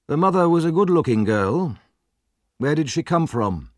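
Man voicing a weary, brisk old-time doctor. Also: fairly high pitch, very animated, dry recording, studio quality, pitched above the performer's own voice. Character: weary middle-aged male workhouse doctor.

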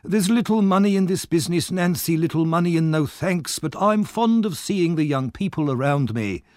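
A man's voice: a little high, expressive, moderate pace, darkish tone, no echo, studio quality, voice pushed up, lightly acted. A man doing a sly, fawning old fence. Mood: wheedling. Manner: fawning, calls everyone "my dear".

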